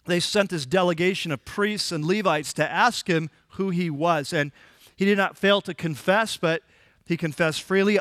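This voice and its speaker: A man's voice: high-pitched, a bit bright, no echo, clean studio sound. A man preaching an expository sermon, retelling scripture in a conversational, everyday way. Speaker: pastor.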